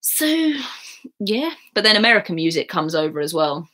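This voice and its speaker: A young woman from England chats casually on a livestream from her bed at home, reading viewers' questions aloud and answering them with easy laughter. Her voice is lowish and a bit bright, moving at a moderate pace with big swings in pitch.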